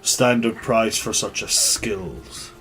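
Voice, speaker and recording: A man voicing a towering grey-skinned horned warlord who speaks in a low, measured, commanding way. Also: a bit bright, soft background music. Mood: businesslike.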